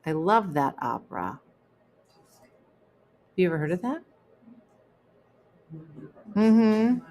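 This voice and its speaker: A woman's voice: lowish voice, sing-song, takes it slowly, pauses often, highs cut off. A middle-aged woman hosting a live show, telling rambling, funny stories to her viewers and chatting with them casually. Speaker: host of a live chat show. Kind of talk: casual storytelling chat with viewers.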